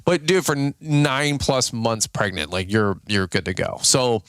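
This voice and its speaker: A man's voice: medium pitch, expressive, measured pace, a bit bright, clear, resonant tone, no echo. A man hosting a podcast, chatting casually in a rambling, joking way and laughing often. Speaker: podcast host. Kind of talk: casual chat.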